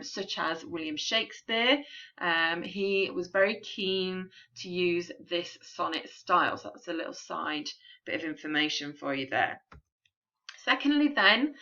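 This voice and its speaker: A woman teacher explaining a poem in a recorded remote lesson, patient and clear, with frequent ums. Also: medium pitch, bright, forceful tone, dull audio.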